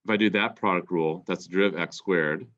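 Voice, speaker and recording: A male math teacher explaining calculus step by step, a bit congested and clearing his throat now and then. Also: low voice, quick pace, fairly bright tone, highs cut off. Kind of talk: recorded calculus lesson.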